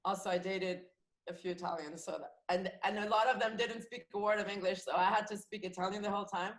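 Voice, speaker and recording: A woman's voice: mid-range voice, steady tone, fast. A woman comedian and actress chatting as a podcast guest, talking freely, laughing often and restarting her sentences. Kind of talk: casual chat. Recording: roomy echoey sound.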